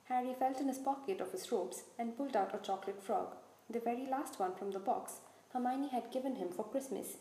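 A woman reading a children's novel aloud as narrator with clear, even storytelling. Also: a little high, brisk, roomy sound, a little hiss or hum, poor audio. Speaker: audiobook narrator. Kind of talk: scripted narration.

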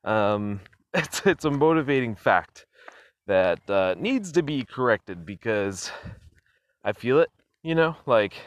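A man's voice: medium pitch, animated, slow. A man hosting his own podcast, talking casually and rambling off on tangents, chuckling often with plenty of fillers, recorded on a phone. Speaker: podcast host. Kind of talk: casual solo podcast monologue.

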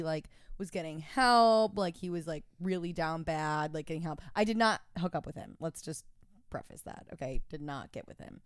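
A woman's voice: on the low side, clear, resonant tone, dry recording, clean studio sound. A woman in her twenties, co-hosting a podcast, telling a story in casual chat full of "like" and laughter. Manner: storytelling, animated with frequent laughs and "like". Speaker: podcast co-host.

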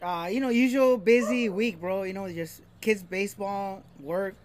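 A man's voice: high-pitched, fairly even intonation, moderate pace, slight background noise. A laid-back man hosting a podcast in casual chat, dropping "man" and "bro" constantly in a community center. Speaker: podcast host.

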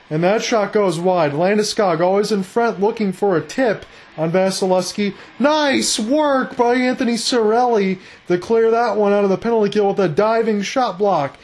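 A man calling live hockey play-by-play, rapid and excited, rising with the action. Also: high voice. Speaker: play-by-play announcer.

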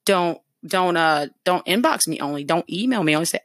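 A woman's voice: lowish voice, fairly quick, few pauses, fairly bright tone, no room sound, clean studio sound. A woman hosting a talk show, chatting casually about dating and acting out sample conversations. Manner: chatty, acts out sample dialogue. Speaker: host giving dating advice.

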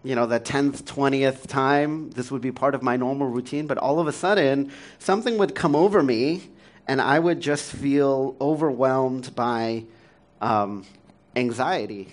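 A man in his thirties, a pastor, preaches a sermon in a conversational, self-deprecating way. His mid-range voice moves unhurriedly, and he laughs often and uses plenty of fillers.

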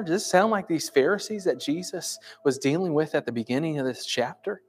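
Conversational man preaching a sermon. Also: mid-range voice. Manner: conversational preaching, asks the listeners questions. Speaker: pastor.

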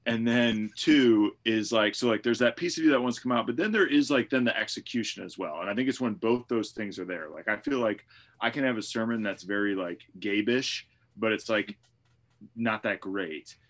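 A man's voice: fairly low pitch, moderate pace. A man who is a pastor, co-hosting a casual podcast and thinking aloud in a reflective way, with many fillers.

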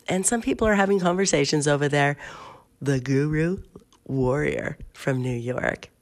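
A woman's voice: low-pitched, moderate pace. A woman hosting her own podcast, speaking in a chatty, affectionate monologue while she is sick. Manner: warm-hearted, chatty, laughs easily. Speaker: podcast host.

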